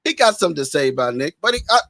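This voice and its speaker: A man's voice: fairly high pitch, very animated, rapid-fire, bright, forceful tone, no room sound. A man emceeing a live roast, teasing and laughing as he talks over a video call. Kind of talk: live show banter.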